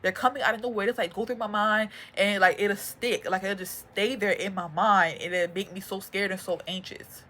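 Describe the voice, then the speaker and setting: A woman's voice: medium pitch, fairly even intonation, sharp tone, slight background noise. Emotional young woman giving testimony. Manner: earnest, halting, many fillers and restarts. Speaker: faith and motivation vlogger. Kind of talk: personal testimony.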